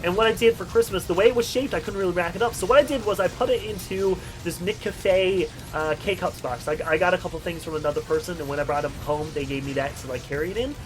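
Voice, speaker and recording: Young male vlog host, rambling and excitable, talks fast with a fairly high voice. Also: rough recording. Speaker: video host. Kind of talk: casual storytelling vlog.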